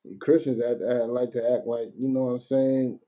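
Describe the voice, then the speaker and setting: A man's voice: mid-range voice, little pitch movement, dull audio. Man teaching a casual Bible class. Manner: conversational, keeps asking "you know what I'm saying"; reads verses slowly and deliberately.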